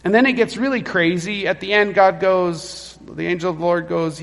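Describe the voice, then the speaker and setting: High-voiced pastor preaching in a reverberant church. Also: male voice, moderate pace, vocal fry, few pauses. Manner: storytelling, acting out the quoted lines. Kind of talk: sermon. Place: church sanctuary.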